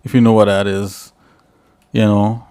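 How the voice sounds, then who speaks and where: A man's voice: on the low side, little pitch movement, measured pace, mellow, smooth. An American man hosting a live stream, chatting with viewers in a rambling, filler-heavy way. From United States. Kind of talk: casual chat with stream viewers.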